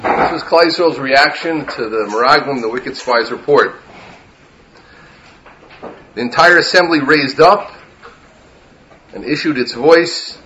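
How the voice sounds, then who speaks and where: A man's voice: mid-range voice, measured pace, long pauses, bright, forceful tone, dull audio, a little hiss or hum. A man, a rabbi, giving an impassioned Torah lecture that mixes in Hebrew terms and rises to emphatic peaks.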